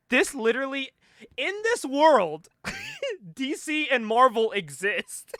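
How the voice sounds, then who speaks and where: A man chatting on a comic book podcast, laughing often and acting out characters in quick voices. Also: very high-pitched, huge pitch swings, pushed and bright, dry recording, clean studio sound. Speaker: podcast co-host.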